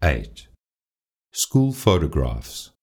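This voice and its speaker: A man announcing numbered items in a listening test, in a measured reading tone. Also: big pitch swings, a little mellow, slightly rough. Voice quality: very deep, slow and measured. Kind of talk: reading item numbers and titles.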